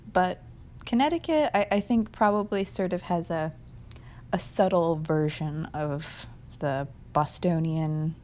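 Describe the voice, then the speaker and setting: A young woman with a New England accent, chatting casually through an accent challenge with many fillers and light laughs. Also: fairly low pitch. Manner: chatty, hesitant, with frequent fillers and soft laughs. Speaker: vlogger answering an accent challenge. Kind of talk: casual chat.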